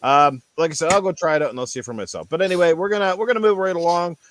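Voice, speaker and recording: A man with a rough throat hosting a casual gaming podcast, rambling easily and reading chat aloud. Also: fairly high pitch, rapid-fire, fairly bright tone, no echo. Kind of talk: casual live-stream chat.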